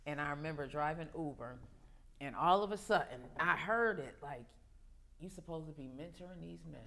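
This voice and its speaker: A woman, hosting a podcast and telling a lively personal story in casual chat with laughter. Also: low-pitched. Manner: animated storyteller, quick laughs. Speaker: podcast host. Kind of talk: casual chat among women.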